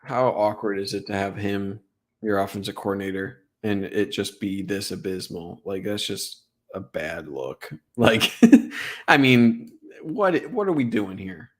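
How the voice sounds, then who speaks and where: A young man casually breaking down football film on a live stream, excitable and full of fillers like "like" and "right?". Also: lowish voice, unhurried.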